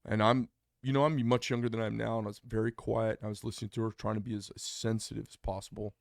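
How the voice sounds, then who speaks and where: Gravelly blunt-spoken man telling a story. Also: fairly low pitch, flat delivery, quick pace, no room sound, studio quality. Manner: blunt, opinionated, acts out quoted dialogue. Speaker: podcast co-host. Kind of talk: casual storytelling chat.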